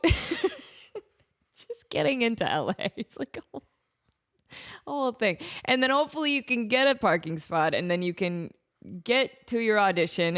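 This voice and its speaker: Animated, laughing woman podcast host. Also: mid-range voice, clear, resonant tone. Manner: animated, rambling, frequent laughter. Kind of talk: casual storytelling monologue.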